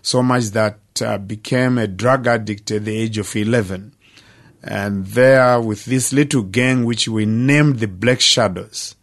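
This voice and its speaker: An older man, giving an earnest personal testimony in plain, measured storytelling. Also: lowish voice. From Zimbabwe. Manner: earnest, plain-spoken storytelling with dramatic pauses. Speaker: speaker sharing his life story.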